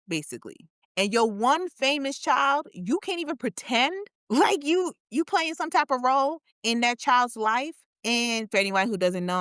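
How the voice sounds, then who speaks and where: A woman's voice: mid-range voice, a bit bright, no room sound, studio quality. A woman co-hosting a casual podcast chat, emphatic and repetitive as she draws out her points. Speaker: podcast co-host.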